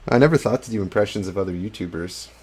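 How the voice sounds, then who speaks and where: A man's voice: fairly low pitch, fast, a little mellow, slightly rough. A man chatting casually on a hobby livestream while painting miniatures, reading out chat and joking at his own expense. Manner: chatty, self-deprecating, reads chat aloud.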